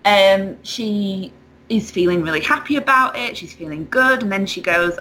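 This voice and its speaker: Animated woman telling a story. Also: medium pitch, a little slow, slight background noise, poor audio. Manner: animated storyteller, laughs often. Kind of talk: casual chat.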